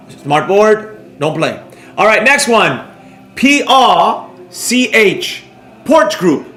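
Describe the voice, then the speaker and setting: A man teaching a live-streamed trading class in a brash, loud, sarcastic, jokey way. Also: high voice, big pitch swings, slow, long pauses, reverberant. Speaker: trading instructor.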